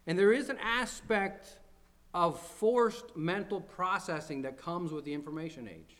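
A pastor delivers a sermon in a slightly higher-than-usual male voice. He speaks earnestly, circling back on phrases and building toward emphatic declarations. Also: a little slow, a bit bright.

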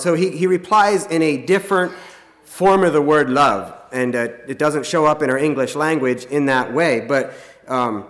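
A man preaching a sermon in an earnest, plain-spoken way, often pausing and restarting his sentences. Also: on the high side, fairly bright tone. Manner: halting, many restarts and fillers.

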